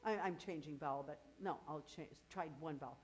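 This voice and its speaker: A middle-aged woman leading a choir rehearsal. She counts beats, sings cues to demonstrate, and coaches the singers briskly with encouragement. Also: low-pitched, low-quality recording. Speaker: choir director.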